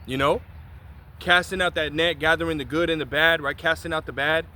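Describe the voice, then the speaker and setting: Brash, profane street preacher, bright-voiced. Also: male voice, fairly high pitch, steady tone, brisk. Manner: loose, profane, slangy preaching with many asides. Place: city street outdoors.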